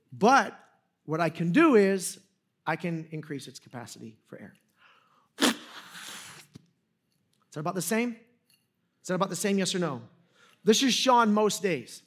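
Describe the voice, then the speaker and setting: Man, pastor, sermon, slightly high voice, conversational, self-deprecating humor. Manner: conversational storytelling, self-deprecating, frequent restarts.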